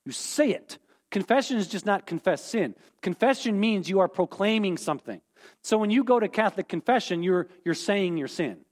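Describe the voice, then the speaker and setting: A man's voice: sits high, animated, normal speed. A man teaching a Bible lesson, explaining terms and repeating key points, often checking in with "okay?".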